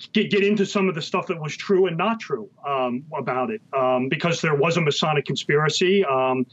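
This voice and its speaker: A man answering interview questions as a guest author, halting and full of ums and restarts. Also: on the high side, a bit bright. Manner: hesitant, many ums and restarts. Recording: muffled lo-fi sound.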